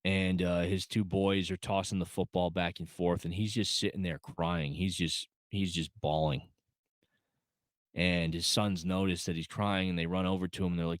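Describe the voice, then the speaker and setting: Low-pitched man, casual film review, rambling with fillers, choked up, dry close mic. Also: fairly even intonation, normal speed, no echo. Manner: rambling, many fillers and restarts, openly emotional. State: choked up, holding back tears. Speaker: movie reviewer.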